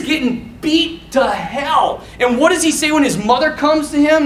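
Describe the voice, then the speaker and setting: A man giving an informal, animated talk to a group of young men, in a casual style. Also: extremely high pitch, normal speed, hardly any pauses. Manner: animated, casual, quotes scenes with feeling. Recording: echoey room from far off.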